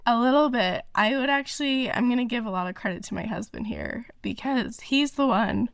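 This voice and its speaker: A woman's voice: on the high side, moderate pace, a bit bright, dry recording, studio quality. A woman talking casually as a podcast guest, chatty and full of fillers and restarts. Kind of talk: casual interview chat.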